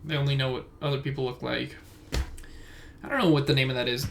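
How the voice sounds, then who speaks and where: A man's voice: mid-range voice, steady tone, quick pace, gravelly, pauses often, a little hiss or hum. A young man in his twenties hosting a casual solo podcast from his room at home, recorded on a phone, rambling and going off on tangents. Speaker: podcast host. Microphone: phone camera.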